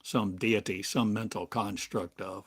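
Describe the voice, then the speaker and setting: An older man delivers a meditative spiritual talk in a low, husky voice. He lingers on each short phrase and leaves long pauses between them. The pace stays unhurried throughout. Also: steady tone, a bit bright. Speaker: spiritual teacher. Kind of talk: slow meditative spiritual monologue. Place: home in a small town, drinking coffee.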